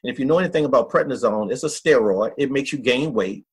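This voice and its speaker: A man's voice: mid-range voice, fast talker, breathy edge. A middle-aged man, a pastor, telling a personal story in a podcast interview in an earnest, folksy way, acting out what others said. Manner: earnest, folksy storyteller who acts out quotes.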